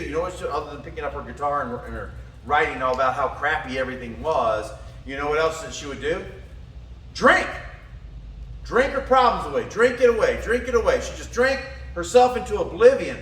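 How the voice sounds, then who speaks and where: Lively man, motivational talk, bright high voice, roomy echo, away from the mic. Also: distant mic. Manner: animated storytelling, frequent laughs. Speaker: motivational speaker.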